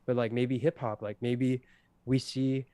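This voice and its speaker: A man's voice: mid-range voice, level tone, measured pace, mellow, no room sound. A young man co-hosting a casual livestreamed podcast, rambling with lots of fillers and easy laughter. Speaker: podcast co-host presenting awards.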